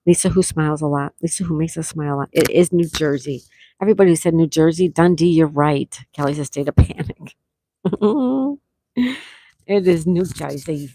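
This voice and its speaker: Low-voiced woman hosting live trivia. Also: warm tone, no echo. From near Fort Lauderdale, Florida. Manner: chatty, reads out chat names and answers, drawn-out questions. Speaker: trivia livestream host. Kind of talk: casual live-stream chat, reading viewer answers. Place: indoors at home during a thunderstorm.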